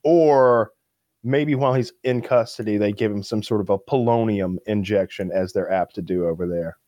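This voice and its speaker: A man's voice: lowish voice, moderate pace, dark tone. A man chatting casually on a podcast, offhand and unsure of himself, mocking himself. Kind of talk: casual chat.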